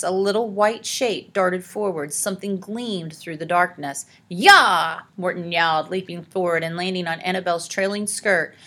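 Audiobook narrator: woman, lowish voice, dramatic storytelling delivery. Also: fairly bright tone. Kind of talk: scripted narration.

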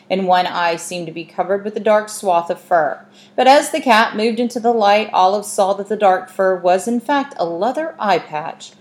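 Woman reading a children's storybook aloud. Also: fairly low pitch. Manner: measured, expressive reading. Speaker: narrator. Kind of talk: audiobook narration.

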